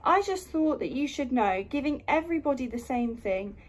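A woman voicing a tiny, wise beetle from a picture book, in a lively, emphatic read-aloud voice. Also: high voice, normal speed.

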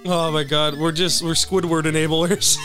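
A young man chatting casually over a video game, excitable and teasing, laughing often. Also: a little high, a little slow. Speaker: co-host watching a let's play. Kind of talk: casual gaming chat. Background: faint game music.

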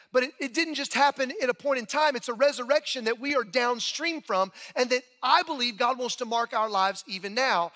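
A man's voice: very high-pitched, bright, forceful tone, big-room sound. A male pastor preaching an Easter sermon in a conversational, storytelling way, often restarting his phrases. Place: large church auditorium.

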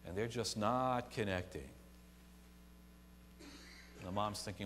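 A man's voice: fairly low pitch, slow, pauses often. Man preaching in a reverberant church. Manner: swings from quiet to loud and emphatic, voices imagined people. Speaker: pastor. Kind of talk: sermon. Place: church sanctuary. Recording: long church reverb, faint hum.

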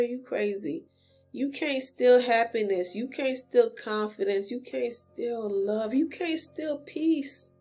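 A sassy woman with a fairly high voice, talking straight to her viewers as she comments on a webtoon chapter. Her delivery is animated and lively. Faint guitar music plays behind her. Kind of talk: casual commentary.

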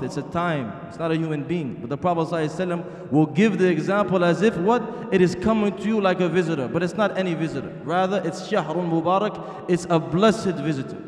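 A middle-aged man preaching a sermon in a masjid hall, earnest and asking the audience rhetorical questions. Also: sits high. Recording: echoey hall.

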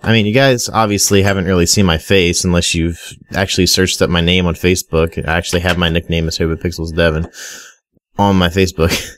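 A man's voice: sits low, little pitch movement, a little fast, a bit bright, no echo. A young man giving casual, rambling Minecraft commentary, often stuttering and talking straight to his viewers. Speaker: gaming video creator.

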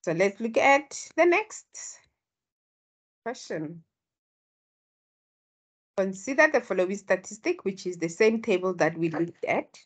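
A woman with a husky voice tutoring statistics online. She explains each step and prompts her students to speak up. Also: mid-range voice, lively intonation, unhurried, long pauses.

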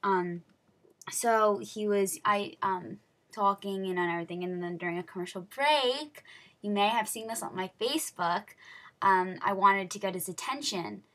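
A teenage girl telling an excited story in a casual vlog, gushing and full of fillers. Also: mid-range voice, normal speed. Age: teens. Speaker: vlogger.

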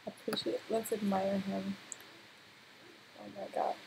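A young woman giving casual, excitable let's-play commentary, full of gasps and laughter. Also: medium pitch, a little slow, vocal fry, background noise. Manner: excitable, laughing, exclamatory reactions. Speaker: gameplay commentator.

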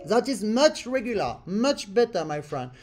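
A man's voice: sits high, big pitch swings, normal speed, music in the background. A man teaching accordion in a remote lesson, correcting a student and singing rhythms on syllables, in non-native English. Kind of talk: remote music lesson coaching.

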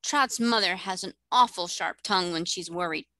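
A woman voicing an old, plain-spoken sailor man who talks slowly in a folksy way. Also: on the low side, pushed and bright, no room sound, clean studio sound. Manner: slow, folksy drawl.

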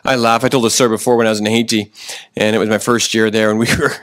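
A pastor preaching a sermon, often slowing down for emphasis and restarting his sentences. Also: lowish voice, level tone, fairly bright tone, no echo. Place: church.

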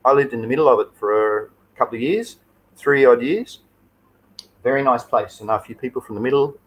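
A man's voice: mid-range voice, a little fast, poor audio. A man with an Australian accent hosting a casual live stream, talking through viewer questions in a chatty, easygoing and rambling way. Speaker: livestream host.

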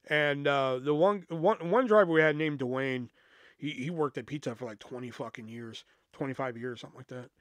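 A man's voice: medium pitch, fairly quick, a bit bright, no room sound. A man hosting a podcast, telling a story in a casual, profane way, full of fillers and asides. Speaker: podcast host.

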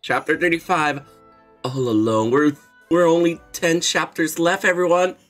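A man's voice: fairly high pitch, steady tone, moderate pace, fairly bright tone, faint music behind. A young man streaming a game readthrough, chatting casually with a sarcastic, jokey manner and some swearing. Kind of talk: casual gaming commentary.

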